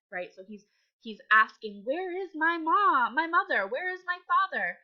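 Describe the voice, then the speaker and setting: Bright, encouraging woman teacher. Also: mid-range voice, highs cut off. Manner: patient, encouraging, sounds out letters. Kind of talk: reading lesson for young children.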